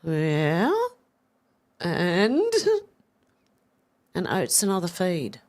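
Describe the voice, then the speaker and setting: A woman's voice: mid-range voice, animated, moderate pace. A woman, hosting a casual live stream and reading out chat comments in a chatty, swearing, self-mocking way. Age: 50s. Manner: chatty, swearing, laughing and confused over a joke. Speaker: livestream host reading chat.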